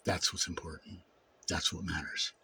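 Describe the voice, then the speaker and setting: A man giving a raw personal monologue to camera, intense and full of swearing, dropping low and brooding, then rising to shouts. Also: flat delivery, moderate pace, slight background noise. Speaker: vlogger.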